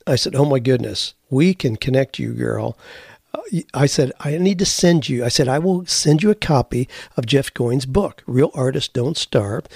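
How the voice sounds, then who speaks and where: A middle-aged man hosting a show, telling stories in a folksy, animated way. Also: fairly high pitch, vocal fry, dry recording, clean studio sound. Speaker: podcast host. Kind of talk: casual storytelling.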